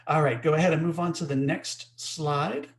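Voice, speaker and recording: A man's voice: on the high side, steady tone, moderate pace. A man co-hosting an online webinar, explaining ideas emphatically and often checking in with the listeners. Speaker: co-host teaching a webinar. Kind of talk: webinar teaching.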